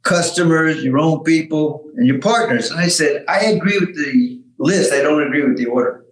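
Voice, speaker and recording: Older male exec guest, higher voice, animated storyteller who laughs at his own jokes; echoey room. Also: normal speed. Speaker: guest, former tech executive. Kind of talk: storytelling interview, lively anecdotes.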